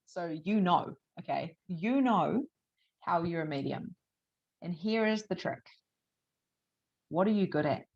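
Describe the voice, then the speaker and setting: A woman leads an online class in a chatty, animated way. Her voice sits a little low and she laughs easily. The audio is dull and lo-fi, like a streamed session. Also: measured pace, long pauses. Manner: animated, chatty, laughs often, swears casually. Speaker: spiritual teacher. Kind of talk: live online masterclass talk.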